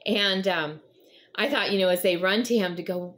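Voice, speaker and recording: A woman's voice: mid-range voice, normal speed, a bit bright. Earnest woman hosting a devotional chat. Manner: conversational, rambling with frequent fillers; earnest, encouraging. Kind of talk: casual devotional talk.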